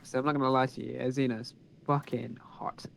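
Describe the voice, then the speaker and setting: Very deep-voiced teasing woman. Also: flat delivery, brisk, creaky, a little hiss or hum. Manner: teasing, blunt banter. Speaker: streamer's friend. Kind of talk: casual chat while gaming.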